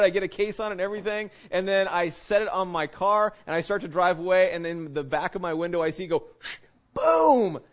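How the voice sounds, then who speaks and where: Earnest higher-voiced man teaching scripture. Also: fairly bright tone. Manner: earnest, keeps asking "right?", restarts words. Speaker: Bible teacher. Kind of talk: conversational Bible teaching. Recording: dull lo-fi recording.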